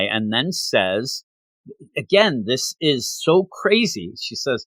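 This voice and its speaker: A man co-hosting a manga review show in casual chat, retelling scenes in an animated way with quick asides. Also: mid-range voice, no room sound. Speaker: podcast co-host reviewing manga.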